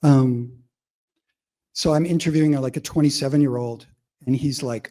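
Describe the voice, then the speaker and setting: A man's voice: mid-range voice, fairly even intonation, moderate pace, long pauses, mellow. A man giving an informal academic lecture, chatty and often laughing.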